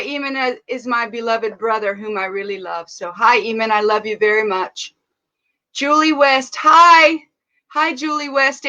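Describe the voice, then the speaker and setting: A young woman praying fervently and preaching to a live audience online, greeting viewers warmly by name. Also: high voice, rough recording. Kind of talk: prayer and sermon.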